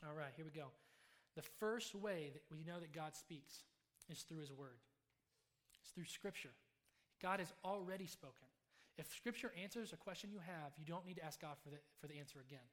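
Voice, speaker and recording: A man preaching a sermon to a congregation, telling a personal story in a lively, animated way. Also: a little high, normal speed. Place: room with a live congregation.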